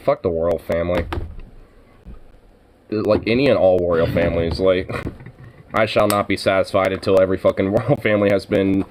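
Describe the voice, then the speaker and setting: A man's voice: low-pitched, steady tone, normal speed, long pauses, background noise. An American man ranting casually with constant swearing, frequent laughter and lots of fillers like "like" and "you know". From United States. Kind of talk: casual profane rant.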